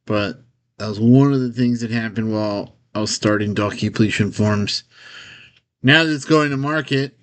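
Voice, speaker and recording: A man's voice: lowish voice, unhurried. A man telling a rambling personal story straight to his own camera in a casual vlog, with many fillers and the odd nervous laugh.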